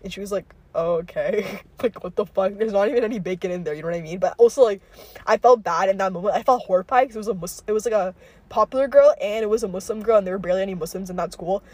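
A woman's voice: medium pitch, rapid-fire, a little mellow, no room sound. A young woman hosting a podcast, telling a story in a rambling, profane way, full of fillers. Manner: rambling, profane, filler-heavy with frequent likes. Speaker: podcast host. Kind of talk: casual storytelling chat.

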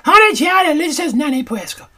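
A woman's voice: high-pitched, big pitch swings, moderate pace, sharp tone, full character voice. A woman voicing a chatty older grandmother in a comedy audio drama, who rambles theatrically and calls everyone "honey child". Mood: wistful. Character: chatty older grandmother who brags about royal encounters.

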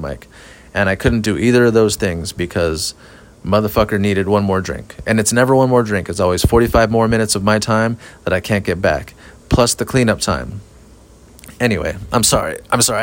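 A low-pitched man talks through a late-night solo podcast rant. His delivery is flat and monotone, loose and profane, and he rambles with a self-aware edge. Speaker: podcast host. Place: outdoors at night near an apartment complex. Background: sprinklers.

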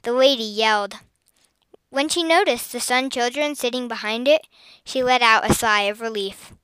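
Bright, crisp woman narrating a story. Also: fairly high pitch, moderate pace, no room sound, low-quality recording. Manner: expressive, lively storytelling. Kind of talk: children's story reading.

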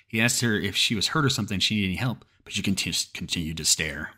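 Deep husky man telling a horror story. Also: fast talker, sharp tone. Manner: profane, restarts mid-sentence. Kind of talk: creepypasta horror narration.

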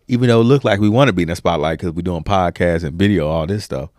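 A man's voice: deep voice, fast, a little mellow, no room sound, clean studio sound. A man co-hosting a podcast, easygoing and playful in slangy casual chat. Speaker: podcast co-host.

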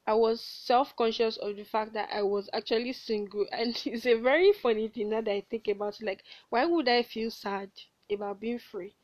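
A young woman in her late teens hosts a candid solo podcast, rambling, swearing bluntly and laughing at herself at a normal speed. Her voice is on the high side and a little mellow, and the lo-fi home recording is dull and dry with no room sound.

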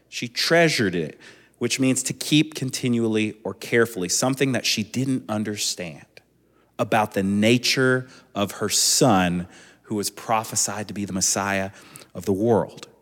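A man's voice: lowish voice, unhurried. Man preaching casually in an echoing hall. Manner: conversational, relaxed preaching with asides. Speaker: pastor. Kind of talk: sermon. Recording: long echoing hall reverb.

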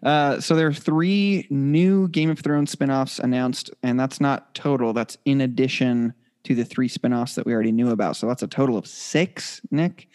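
A man co-hosting a podcast, chatting in a relaxed, halting way. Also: medium pitch. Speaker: podcast co-host. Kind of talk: casual chat.

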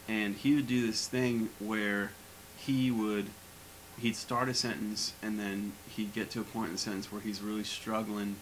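A man in casual chat, telling a rambling anecdote in a relaxed way. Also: on the low side, low-quality recording. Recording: faint hiss.

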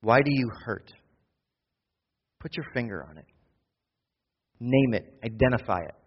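A pastor preaching a sermon, swinging from loud, quick urgency to hushed, slow intimacy. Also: male voice, medium pitch, animated, breathy edge, long reverb tail, lo-fi sound. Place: church.

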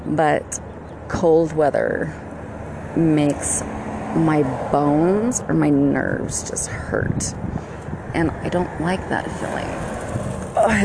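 A woman's voice: low-pitched, gravelly, very noisy. A middle-aged American woman rambling through a personal monologue to camera, full of fillers and restarts. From United States. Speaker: vlogger.

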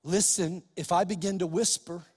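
A man's voice: high-pitched, steady tone, moderate pace, a little mellow, husky, long reverb tail. A pastor preaching a sermon, emphatic and speaking straight to his listeners with rhetorical questions.

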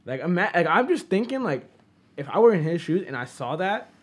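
Co-host, male, high and animated, excitable slang-heavy chatter. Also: moderate pace, slightly rough. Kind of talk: casual chat.

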